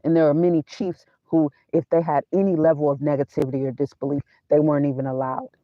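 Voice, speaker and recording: A woman's voice: sits low, level tone, fast talker, no echo. A woman vlogger giving a casual spiritual talk in a preachy way, quoting scripture and mixing in casual slang. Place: inside her van. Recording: dull, dry sound.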